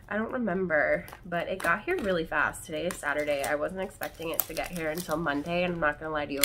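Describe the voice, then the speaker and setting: A chatty, excitable woman talks straight to her viewers in a fairly low voice. Her throat is scratchy and tickly from a cold. She is recording in her bedroom, with a faint hiss behind her. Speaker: plant channel host. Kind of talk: casual unboxing vlog.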